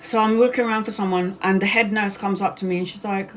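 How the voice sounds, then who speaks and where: Angry, animated woman telling a story. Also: medium pitch, quick pace, a little hiss or hum. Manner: angry, animated retelling with swearing and acted-out quotes. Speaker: tarot reader livestreaming. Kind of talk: casual storytelling to viewers.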